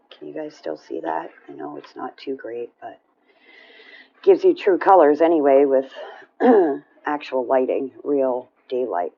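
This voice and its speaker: A woman chatting casually about her coloring pages, rambling with fillers and clearing her throat often. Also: rumbling low, lo-fi sound, slight background noise. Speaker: coloring vlogger. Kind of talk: casual show-and-tell chat.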